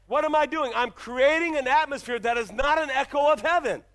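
Male pastor, sermon in church, high bright tone, emphatic rhetorical delivery. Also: brisk. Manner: emphatic preaching with repeated rhetorical questions.

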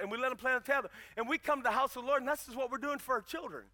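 A man preaching a sermon with a strikingly high voice. His tone is very bright and sharp, and he tells his stories with rising, emphatic energy. He sounds like a pastor in his fifties. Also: fairly even intonation, rapid-fire, hardly any pauses.

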